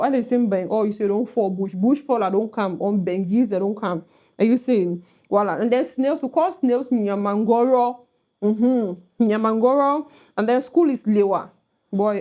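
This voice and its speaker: A woman's voice: on the high side, mellow. A woman from Cameroon with a Cameroonian accent, teaching pidgin words in a casual vlog and playfully acting out example phrases.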